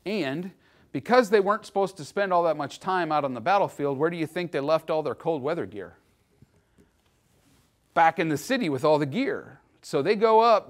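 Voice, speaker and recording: A man talking through a history lesson in a loose, conversational way, pausing to check in with the people in front of him. His voice sits a little higher than most men's. He speaks to a live audience in the room. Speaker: history presenter. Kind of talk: informal history lecture.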